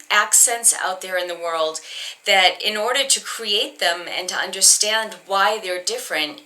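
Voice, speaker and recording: In a medium-pitched voice that sounds pushed and bright, a Boston woman walks through a recorded singing lesson. Her delivery is chatty and explanatory, peppered with ums and restarts, and she keeps her accent neutral American to cover her Boston one.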